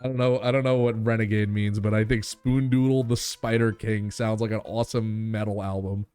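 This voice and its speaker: A man with a New York accent chats with his live-stream viewers between bits of reading a game. His voice sits on the low side, easygoing and quick to laugh, with casual swearing. Faint game music plays under him. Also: level tone, warm tone, clear, resonant tone, no room sound. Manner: chatty, laughs easily, swears casually, talks to chat.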